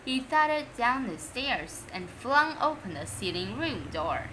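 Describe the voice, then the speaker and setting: A woman reading a children's storybook aloud in English, lively and expressive, Vietnamese native speaker. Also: a little high, slow, a little hiss or hum, poor audio. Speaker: story reader.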